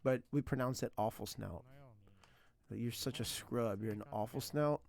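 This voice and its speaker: Gravelly excitable man streaming. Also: medium pitch, brisk. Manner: rambling, excitable, laughs often, slangy. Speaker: streamer learning Japanese. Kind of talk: casual stream chat.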